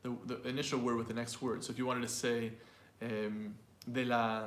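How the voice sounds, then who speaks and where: A man's voice: mid-range voice, little pitch movement, normal speed, hardly any pauses, echoey room. A man teaching an online pronunciation lesson, chatty and loose, repeating example phrases aloud to show how they sound. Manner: loose and chatty, with fillers and small laughs. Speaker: language teacher and host.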